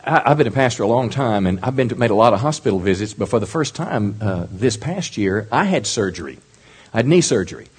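A middle-aged male pastor preaching a sermon in a lively way, often asking the congregation questions. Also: fairly low pitch, fairly quick, breathy edge.

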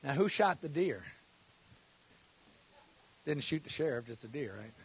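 A man preaching a sermon as pastor. He moves from quiet joking asides to loud, emphatic preaching and repeats phrases for emphasis. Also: medium pitch, lively intonation, unhurried, slightly rough.

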